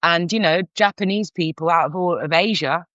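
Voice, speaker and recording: With a fairly low pitch and moderate pace, a middle-aged woman from North London, England, shares a candid story as a guest on a podcast. The counsellor speaks with a London accent, frankly and animatedly, restarting often. No echo, but the audio is dull and lo-fi.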